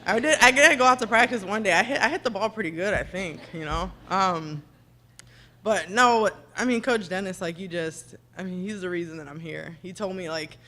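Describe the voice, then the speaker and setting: A woman's voice: medium pitch, normal speed, sharp tone. A woman in her thirties giving a rambling, chatty, self-deprecating acceptance speech at a ceremony breakfast, thanking people by name at a podium microphone. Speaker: hall of fame inductee giving a speech. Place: ceremony breakfast in a banquet room.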